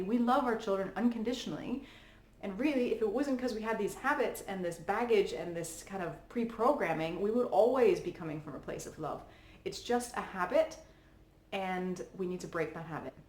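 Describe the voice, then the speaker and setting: A woman giving parenting advice in a calm, earnest, chatty way, with frequent fillers. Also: mid-range voice, fairly quick. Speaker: parenting coach. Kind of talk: casual advice talk to camera. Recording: echoey room with faint background noise.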